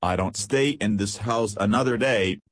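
Indignant young gentleman, earnest and firm, read by a man, low voice. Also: moderate pace, no echo, natural voice. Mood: resolute.

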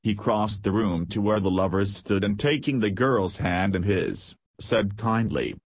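A man narrating an audiobook in a steady, measured reading. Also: on the low side, dry recording.

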